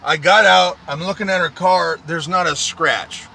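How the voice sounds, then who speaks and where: A man's voice: sits high, moderate pace, gravelly, sharp tone, breathy edge. A man, a truck driver, in a profane, repetitive, aggrieved ranting monologue.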